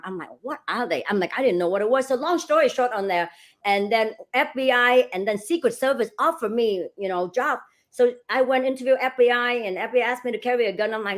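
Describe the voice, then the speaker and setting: A middle-aged woman guest telling lively stories in an interview. She acts out the dialogue, laughs often, and speaks with non-native grammar. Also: medium pitch, brisk. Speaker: real estate broker and franchise owner, guest. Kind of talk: animated storytelling in an interview.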